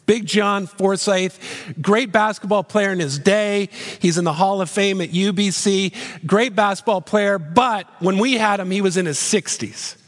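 A man's voice: high-pitched, measured pace, long reverb tail. A man in his fifties preaching a sermon as pastor, earnest and emphatic, driving points home with repeated rhetorical questions.

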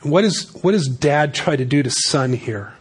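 A man's voice: on the high side, lively intonation, moderate pace, breathy edge. A man preaching a sermon as pastor, reading scripture and adding casual, joking asides.

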